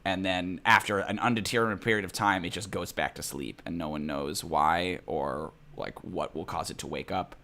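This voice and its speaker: A man's voice: deep voice, moderate pace, creaky, few pauses, bright, forceful tone. A man narrating a tabletop game as dungeon master in a loose, rambling way with many fillers.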